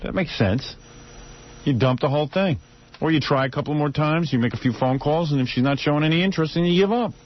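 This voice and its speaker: A man's voice: a little high, fast talker. A male radio show host doing comic banter, needling the people around him and laughing often. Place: radio studio. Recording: dull, noisy radio broadcast.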